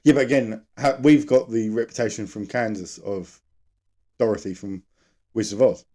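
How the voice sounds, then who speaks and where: A man's voice: lowish voice, steady tone, normal speed, dark tone. Rambling man, casual podcast chat. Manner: rambling, jokey, tries silly accents. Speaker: podcast co-host.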